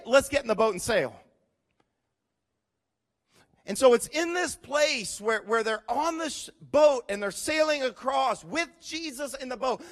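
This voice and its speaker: A pastor with an extremely high-pitched voice preaches to his congregation. He swings from quiet, earnest passages to loud, dramatic storytelling and direct appeals.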